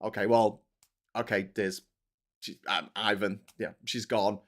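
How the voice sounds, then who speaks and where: A man hosting a live stream, rambling and animated, laughing and swearing as he chats and reads out viewer messages. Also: on the low side, measured pace.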